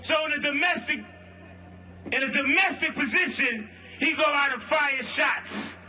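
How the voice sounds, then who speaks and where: A man from Brooklyn giving a protest rally speech, shouting call-and-response lines in street slang. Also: extremely high pitch, measured pace, a little hiss or hum. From Brooklyn, New York. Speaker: rally speaker, violence-prevention worker. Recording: lo-fi livestream with crowd. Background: faint crowd.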